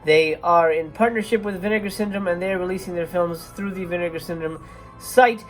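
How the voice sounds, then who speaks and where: A woman's voice: lowish voice, brisk, soft background music. A woman hosting a casual movie review vlog. She talks in a chatty, hesitant way with many filler sounds. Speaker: movie reviewer and channel host.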